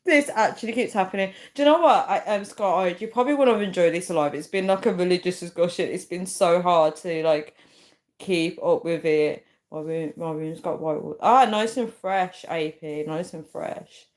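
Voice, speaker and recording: A woman's voice: fairly low pitch, steady tone, moderate pace, a little mellow. A woman chatting casually on a livestream, reading out viewer comments and often restarting her sentences. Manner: chatty, trails off and restarts, reads comments aloud. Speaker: YouTube live streamer. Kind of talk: casual live-stream chat reading comments.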